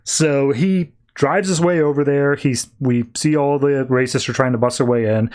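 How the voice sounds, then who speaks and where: A man hosting a podcast, casually recapping and reviewing a comic book with an animated delivery. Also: mid-range voice, moderate pace. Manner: animated retelling, acting out characters loosely. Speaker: podcast host.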